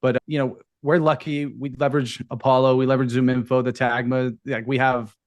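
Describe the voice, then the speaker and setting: A man's voice: mid-range voice, flat delivery, a little fast, no echo. A man with a mid-range voice gives casual sales advice as a guest. He talks in a hesitant way and repeats words as he restarts. The recording sounds dry and close.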